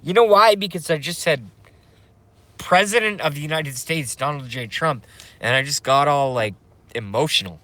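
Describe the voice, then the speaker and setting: Fairly high-pitched and forceful, this man's bright voice comes through at normal speed with no room sound. He's hosting a laid-back livestream, rambling profanely and emotionally and reading viewer comments aloud.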